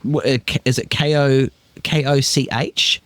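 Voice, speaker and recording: A man's voice: mid-range voice, steady tone, moderate pace, fairly bright tone, no echo. A man with an Australian accent hosting a casual podcast chat in a small caravan, playful and teasing. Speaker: podcast host.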